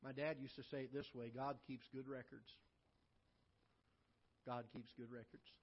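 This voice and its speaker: A man preaching a sermon as pastor, swinging from loud emphatic lines to soft low asides. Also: little pitch movement, unhurried, slightly rough, highs cut off. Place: church auditorium.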